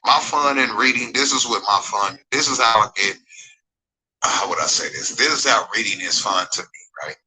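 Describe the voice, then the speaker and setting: On a low-quality recording, a forty-something man delivers a rambling livestream monologue in a bright, forceful, slightly rough voice on the low side. His intonation is lively and his speed normal. He reads viewers' chat comments, digresses emphatically, repeats himself, and keeps asking whether they follow him and agree.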